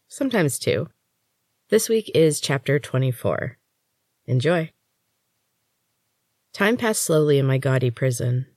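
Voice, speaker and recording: A woman, the author and host, narrating her book in the first person with steady, measured storytelling. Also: rumbling low, no room sound, clean studio sound.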